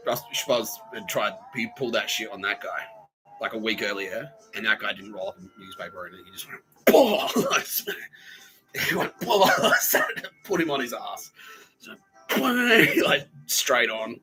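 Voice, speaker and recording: A man's voice: lowish voice, a little slow, over music, rough recording. A man hosting a podcast. He tells a rambling, profane story with frequent laughs and restarts. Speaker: podcast host. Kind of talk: casual storytelling monologue.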